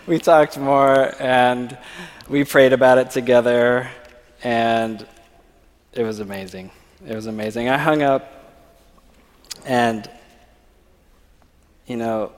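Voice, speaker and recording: A man with a mid-range voice tells a personal story to a church congregation, often pausing to ask "okay?". His voice carries a long reverb from a large sanctuary. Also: mid-range voice, steady tone. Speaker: church speaker. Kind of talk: personal testimony talk.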